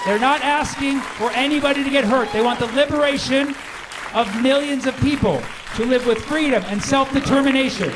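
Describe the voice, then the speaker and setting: A man's voice: very high-pitched, slight background noise. A man doing stand-up in a comedy club, playful and ironic, slipping into quoted voices. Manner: playful, ironic, quick asides and acted quotes. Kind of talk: stand-up routine. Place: comedy club stage with a live audience. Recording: live club recording with crowd laughter.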